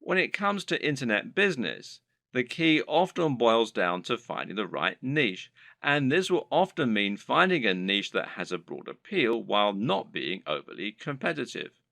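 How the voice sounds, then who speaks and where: Man narrating an online course, bright and dry. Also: medium pitch, creaky, dry recording. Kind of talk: scripted narration.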